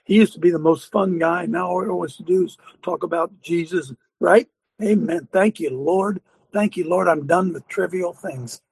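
Gravelly, high-voiced older preacher-host. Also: male voice, normal speed, a little mellow, no room sound. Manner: fervent, preachy, laughs often. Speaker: radio talk show host. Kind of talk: Christian call-in talk show.

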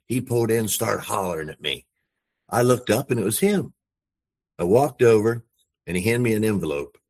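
A man with a very low voice tells a story from his own life in a plain, conversational way. He sounds earnest and moved as he speaks. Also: lively intonation, moderate pace, a little mellow. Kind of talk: personal storytelling.

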